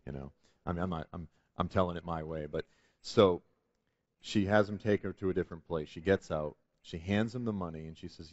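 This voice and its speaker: A man's voice: sits low, brisk, a little mellow, dry recording, dull audio. A man telling a testimony story as a guest on a Christian talk show, earnest and building to emphatic preaching. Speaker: guest speaker.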